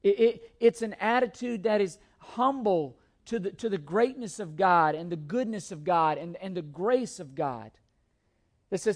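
A man's voice: high-pitched, lively intonation, measured pace. A man preaching a sermon, reading scripture aloud and explaining it in an earnest, emphatic way, often restarting and repeating words. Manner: reads scripture aloud between comments.

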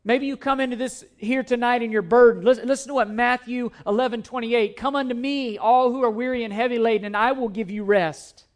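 High-voiced man preaching a sermon. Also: steady tone, a little fast, few pauses. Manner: repetitive, emphatic preaching with scripture quotes. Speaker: pastor.

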